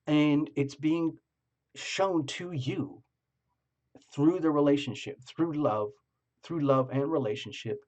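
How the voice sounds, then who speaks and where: A man's voice: a little high, slow pace, a little mellow, muffled recording. Rambling man giving a tarot reading. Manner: meandering, repeats words for emphasis. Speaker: tarot reader.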